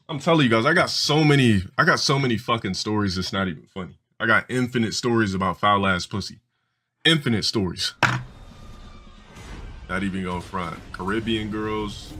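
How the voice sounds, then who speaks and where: Man, streamer, rambling profane storytelling, bright forceful voice, faint music behind. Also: on the low side, moderate pace, slightly rough. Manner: crude, rambling, full of swearing and restarts. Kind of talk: casual profane storytelling to a live audience.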